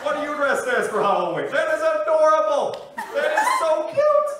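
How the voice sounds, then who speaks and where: A man doing an impression of a famous male president, with a slow, deliberate cadence and stately pauses, on stage at a live comedy show. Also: extremely high pitch, huge pitch swings, heavy background noise, voice pushed up, full character voice. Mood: doting. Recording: echoey room, distant mic, loud crowd.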